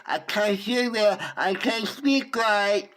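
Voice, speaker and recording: A man's voice: high voice, expressive, takes it slowly, fairly bright tone. A man in his thirties ranting contemptuously in a played video clip. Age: 30s. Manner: contemptuous, mocking. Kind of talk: ranting monologue.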